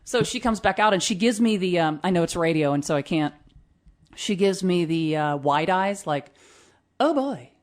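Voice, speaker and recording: A woman co-hosting a raunchy podcast, swearing freely and telling animated stories with acted-out quotes. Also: lowish voice, normal speed. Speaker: podcast co-host. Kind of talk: raunchy casual chat. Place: studio.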